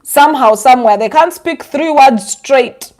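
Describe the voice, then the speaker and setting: A woman's voice: sits high, moderate pace, a little mellow. A young woman from Uganda, a vlogger giving sarcastic casual commentary with a lot of laughing.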